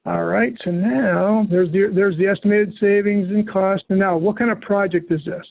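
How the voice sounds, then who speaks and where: A man training a user on software over a call, giving relaxed, patient, step-by-step instructions. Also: high voice, moderate pace, gravelly. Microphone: call audio. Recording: tinny phone-like line, dry.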